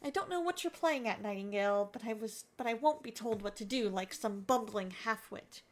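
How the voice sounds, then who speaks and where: A woman voicing a gruff, suspicious middle-aged man who is curt and hostile, reading game dialogue aloud. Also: fairly high pitch, a little fast, close to an everyday voice.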